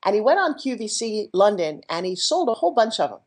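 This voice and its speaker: Middle-aged woman on a podcast, super enthusiastic, telling her business story, high energy. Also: fairly quick, slightly rough. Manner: energetic, enthusiastic, jumps into quoted voices. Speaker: podcast guest, TV pitchwoman and entrepreneur. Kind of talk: animated storytelling interview.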